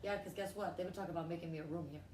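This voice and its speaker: A woman's voice: lowish voice, racing. Brash, profane woman telling a family story. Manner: brash, profane, animated storytelling with acted quotes. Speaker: comedian guest. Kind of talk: casual storytelling chat. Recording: echoey room with faint noise.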